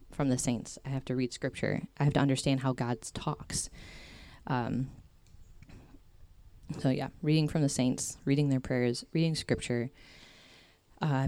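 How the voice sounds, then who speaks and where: A woman's voice: rumbling low, dark tone, no echo. A young woman giving a casual faith talk to a group, chatty and full of fillers and tangents.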